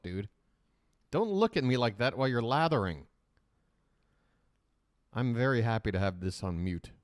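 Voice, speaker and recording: A man's voice: on the low side, no room sound, clean studio sound. A man hosting a live reaction stream, rambling in casual, profane commentary.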